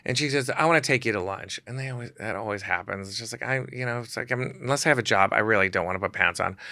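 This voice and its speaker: A man, a photographer guest on a podcast, telling stories in a casual, animated way and acting out quotes in shifting voices. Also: fairly low pitch, quick pace, few pauses, dry recording. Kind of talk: casual storytelling.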